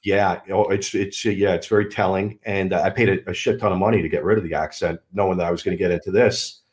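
A man's voice: deep voice, steady tone, fast, darkish tone. A man from Long Island who works on air, chatting casually in a rambling way with many fillers. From Long Island, New York. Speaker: broadcaster guest. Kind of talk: casual chat.

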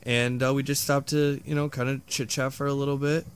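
A man's voice: mid-range voice, level tone, fairly quick, smooth. A man co-hosting a podcast in casual chat, rambling with lots of fillers. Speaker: podcast co-host.

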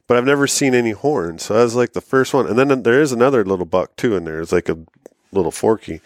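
A man talking about his trail camera in a halting, casual way, full of "like". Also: medium pitch, animated, dry recording, studio quality. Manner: halting, filled with "like". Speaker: podcast co-host. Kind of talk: casual chat.

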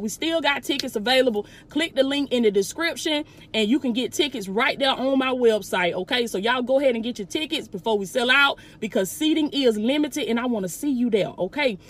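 A woman's voice: high-pitched, a bit bright. A woman with a Southern US accent, a motivational speaker preaching fervently to online viewers from inside a truck, calling them "baby" and praising God. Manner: fervent preaching, calls listeners "baby", exclaims "glory be to God". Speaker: motivational speaker and life coach.

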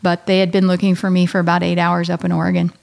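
A middle-aged woman, a guest on an interview show, telling an emotional personal story in a halting, heartfelt way with many pauses and restarts. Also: lowish voice, monotone, gravelly, darkish tone. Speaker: guest, a bereaved mother.

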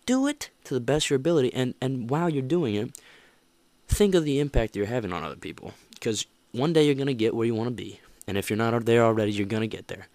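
A man's voice: mid-range voice, lively intonation, quick pace, a little mellow, no echo. A man hosting a motivational podcast, talking in a rambling, earnest way with many restarts and "you know"s. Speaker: podcast host.

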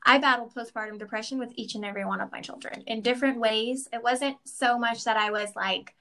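A woman co-host, a mother, chatting in a halting way with many fillers. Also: a little high, fairly even intonation, fairly bright tone. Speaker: podcast co-host. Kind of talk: casual chat.

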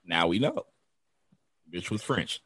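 A man's voice: low-pitched, expressive, slow pace, fairly bright tone, no echo, studio quality. A young adult man co-hosting a casual chat, telling stories in a laid-back, profane way. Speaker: podcast co-host.

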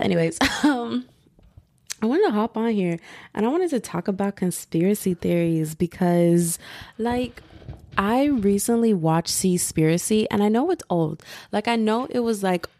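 A woman's voice: mid-range voice, warm tone, no room sound, studio quality. A young woman hosting a podcast from home, chatting casually and rambling with lots of fillers. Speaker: podcast host. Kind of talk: casual chat. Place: at home, household noise possible.

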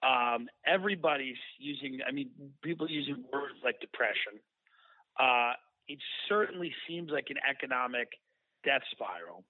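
A man's voice: medium pitch, animated, normal speed. A man co-hosting a podcast in casual comedic chat, riffing into profane rants. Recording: thin phone-like line, dry.

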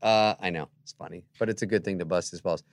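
A man's voice: low voice, fast talker, gravelly, no echo. A man in his fifties, a comedian guest telling stories in casual chat and acting out the people he quotes. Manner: animated storyteller, acting out quotes.

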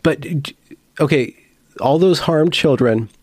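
A man's voice: fairly high pitch, slow, a little mellow, no echo. A man in casual podcast chat, hesitant and often trailing off.

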